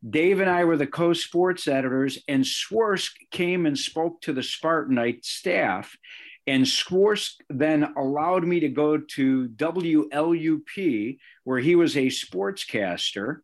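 A middle-aged man from the area, a sportscaster telling personal stories in an interview, animated and full of asides. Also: on the high side, slow pace. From Chicago area, Illinois. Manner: animated, anecdotal, with fillers and self-corrections. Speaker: sportscaster guest.

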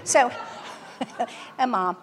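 A woman telling a personal story to an audience in a lively, animated way. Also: on the high side, very slow, big-room sound, some chatter behind.

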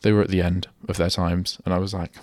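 A man's voice: deep voice, flat delivery, fast talker, darkish tone, dry recording, studio quality. A young man hosting a solo radio show, rambling and chatting casually, often breaking off mid-sentence. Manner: rambling, self-interrupting, chatty. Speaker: radio host. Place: radio studio.

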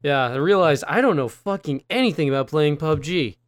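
A man's voice: a little high, expressive, fairly quick. Laughing, self-deprecating male co-host. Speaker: podcast co-host. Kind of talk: casual podcast banter.

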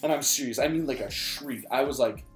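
A man's voice: medium pitch, fairly quick. A young man telling personal stories in casual chat, full of like and filler words. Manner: filler-heavy, says like a lot. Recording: faint guitar music behind.

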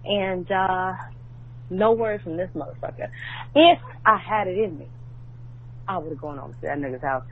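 A woman's voice: lowish voice, lively intonation, normal speed, pauses often, breathy edge. Brash New woman on a voicemail. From New York. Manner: brash, profane storytelling. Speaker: caller. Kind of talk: voicemail message. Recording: tinny phone line, faint hum.

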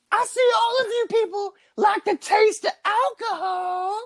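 A man putting on the screaming high voice of a male rock frontman, yelling stage banter at a crowd in falsetto and half-singing his lines. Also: steady tone, takes it slowly, exaggerated voice, rough recording. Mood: hyped.

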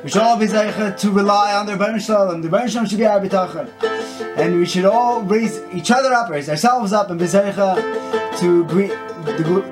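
A man's voice: high voice, a little fast. A man giving a short Torah talk with a story, speaking in an earnest, conversational way and often restarting his sentences. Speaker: Torah teacher. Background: guitar music.

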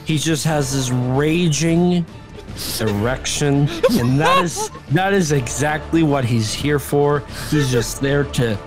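A man's voice: a little high, takes it slowly. A young man in casual comedic chat, animatedly retelling a movie plot as a podcast co-host. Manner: animated storytelling, squawking bird impressions, laughing. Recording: music playing behind.

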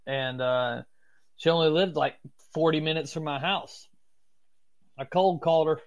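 A Florida man with a strong Southern US accent, appearing as a podcast guest, tells casual stories in a laid-back way and swears freely. His voice is fairly high and unhurried.

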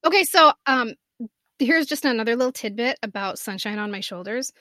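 Podcast co-host: woman, 50s, lively storyteller, a bit high-voiced, dry close mic. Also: fairly quick, no echo. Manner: animated storyteller, swings from soft to loud. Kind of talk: casual chat.

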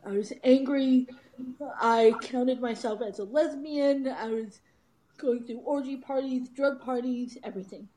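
A woman's voice: sits high, unhurried, mellow, rough recording. A woman guest telling a candid personal story in an interview, laughing often and acting out what others said. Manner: candid, laughs often, acts out quoted voices. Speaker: guest, author and speaker.

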